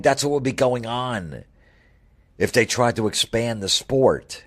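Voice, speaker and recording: A man's voice: medium pitch, unhurried. A man hosting a radio show, delivering a heated, profane, sarcastic rant. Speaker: radio host. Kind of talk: ranting monologue.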